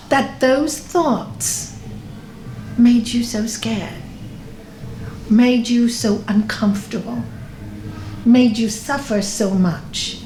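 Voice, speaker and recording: Lively woman meditation teacher, echoey room. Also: on the high side, a little hiss or hum. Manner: lively, laughs often, quizzes the audience. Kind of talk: teaching a class. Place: yoga centre room. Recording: echoey room with faint ambience.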